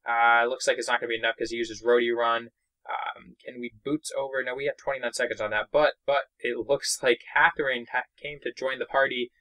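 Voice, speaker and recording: A young man from Boston giving excitable, chatty commentary while playing a mobile game. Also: mid-range voice, fairly quick, rough recording. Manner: excitable, chatty, narrates own moves. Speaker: gaming YouTuber. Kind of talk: let's play commentary.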